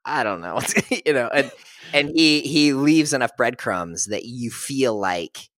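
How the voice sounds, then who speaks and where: A man's voice: medium pitch, slow, no room sound, studio quality. A man guesting on a podcast in casual chat, telling stories with acted-out quotes and frequent laughs. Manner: animated storyteller who laughs often and acts out quotes.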